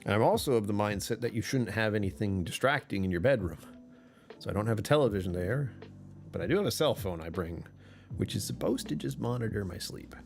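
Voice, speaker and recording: A man's voice: lowish voice, lively intonation, brisk, creaky, faint music behind. A man chatting casually on a live stream, rambling and joking with viewers.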